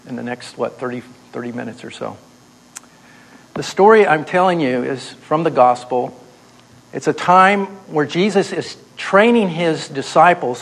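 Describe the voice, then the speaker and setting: A man's voice: medium pitch, poor audio. A man teaching a seminary class how to tell a story aloud, explaining and then telling it himself on a wired mic. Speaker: teacher of oral Bible storytelling. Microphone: wired microphone.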